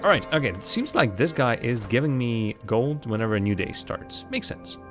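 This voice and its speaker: A man's voice: mid-range voice, very animated, moderate pace, music in the background. A man giving casual, rambling commentary while streaming a game live, chatting with viewers and laughing often.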